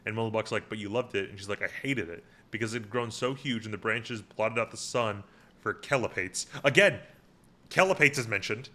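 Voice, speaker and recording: A man's voice: on the low side, fairly even intonation, a little fast, pushed and bright. A man co-hosting a podcast, recapping an episode in casual chat and paraphrasing the scenes with lots of fillers.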